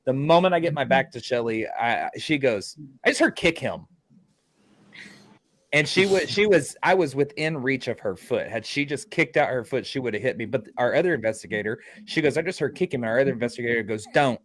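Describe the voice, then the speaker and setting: A man's voice: medium pitch, a little fast, hardly any pauses. A man with a mid-range voice telling a ghost-hunt story on a podcast. He talks casually and animatedly and acts out the lines of the people in the story. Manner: animated retelling, acting out quotes. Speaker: paranormal investigator.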